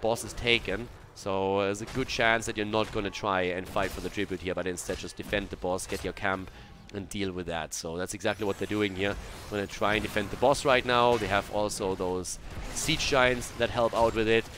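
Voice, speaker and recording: A man casting a video game match on his own, mixing brisk play-by-play with coaching tips. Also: on the low side, steady tone, noisy background. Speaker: esports caster. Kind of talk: solo match commentary with analysis.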